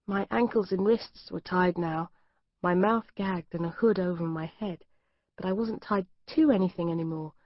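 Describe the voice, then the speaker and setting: A woman's voice: lowish voice, moderate pace, no echo. A woman reading a thriller aloud, in tense first-person narration. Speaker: audiobook narrator. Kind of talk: scripted narration. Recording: dry, slightly dull studio.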